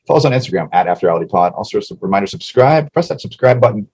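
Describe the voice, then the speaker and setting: A man's voice: fairly low pitch, animated, a little mellow, husky, poor audio. A man co-hosting a casual podcast, chatting about a reality show and rattling off plugs. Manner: chatty, reads plugs quickly. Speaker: podcast co-host.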